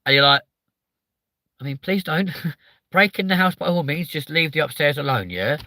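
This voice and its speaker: A man's voice: on the high side, normal speed, pushed and bright, no room sound. A man with a southern English accent hosting a live stream, chatting casually, swearing a lot and sounding hyper as he reads out viewer comments. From southern England.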